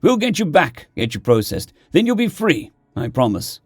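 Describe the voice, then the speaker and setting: A friendly, blunt soldier, played by a man, talks in an easygoing, slangy way. The delivery is animated and moves freely in pitch, and the sound is close and dry for an audiobook story. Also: moderate pace, husky, no room sound. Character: laid-back human soldier, friendly and blunt.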